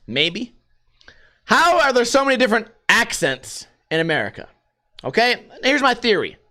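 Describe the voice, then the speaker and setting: A man's voice: high-pitched, pushed and bright. A man hosting a solo podcast, ranting casually and profanely and throwing in put-on voices. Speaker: podcast host.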